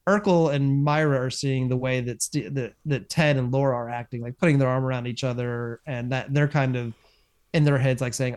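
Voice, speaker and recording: A man co-hosting a podcast, explaining plot points at length in a casual, animated way. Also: mid-range voice, a little fast. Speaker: podcast co-host. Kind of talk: casual recap chat.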